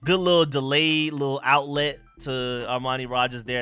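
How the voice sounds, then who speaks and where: A man's voice: mid-range voice, steady tone, moderate pace, bright, forceful tone, faint music behind. A young man hosting a live sports reaction stream, hyped and slangy, repeating himself as he reacts to the game. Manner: hyped, repeats phrases, slangy street talk.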